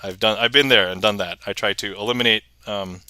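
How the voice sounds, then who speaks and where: A man's voice: fairly low pitch, steady tone, a little fast, sharp tone, smooth, no echo. A man hosting a casual livestream magic show, chatting, reading viewer messages aloud and chuckling often.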